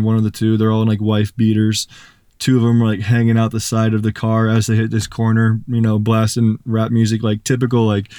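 A young man telling a story as a podcast guest, animated and full of "like" fillers. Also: fairly low pitch, clean tone, no room sound, studio quality. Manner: animated, filler-heavy retelling with lots of "like". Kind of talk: casual storytelling.

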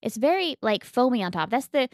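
Woman, playful co-host, fairly high voice, dry close sound, casual chat. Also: big pitch swings, fairly quick, no echo. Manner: playful, giggly, jokey. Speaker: podcast co-host. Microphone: mic on a stand.

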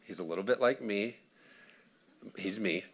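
A pastor in his thirties preaching a sermon, animated and conversational, acting out quotes and asking the congregation for responses. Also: lowish voice, unhurried, noisy background.

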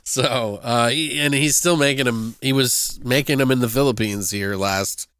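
A man's voice: mid-range voice, moderate pace, a bit bright, clean tone, dry recording. A man co-hosting a podcast in casual chat, joking, swearing freely and laughing often. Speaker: podcast co-host.

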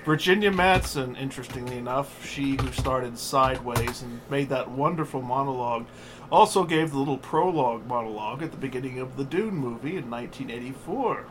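A man co-hosting a podcast, making dry, deadpan asides in casual chat. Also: mid-range voice, brisk, background noise. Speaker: podcast co-host.

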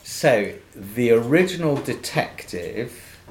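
A man's voice: medium pitch, slow pace. Older man telling stories, echoey room. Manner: lively raconteur, laughs often, acts out quoted voices. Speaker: actor guest. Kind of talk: anecdotal storytelling in a podcast interview. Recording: echoey room with faint noise.

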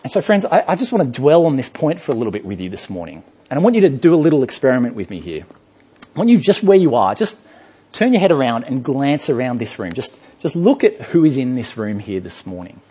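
A man preaching a sermon in a church, telling a story with lively rhetorical questions. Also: medium pitch, quick pace, breathy edge. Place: church hall.

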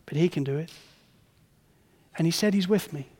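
A man's voice: on the high side, normal speed, in a large hall. Man preaching a sermon with big swings. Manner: swings from soft murmurs to loud ringing emphasis. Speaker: pastor.

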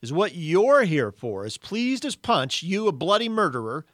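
A man's voice: high-pitched, big pitch swings, normal speed, dry recording, voice pushed up. A blustering ghost of a middle-aged man rants in a raised, strained voice, sure he has been wronged, as a man reads him aloud. It is a storybook reading with a dry, close sound. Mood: indignant. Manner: aggrieved, self-righteous, loud.

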